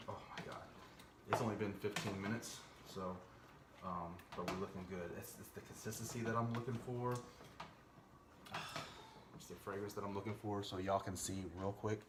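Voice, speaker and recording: Playful low-voiced man cooking at home. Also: steady tone, brisk, background noise. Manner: playful, chatty, sings little sound effects. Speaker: home cook vlogger. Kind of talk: casual cooking vlog. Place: home kitchen.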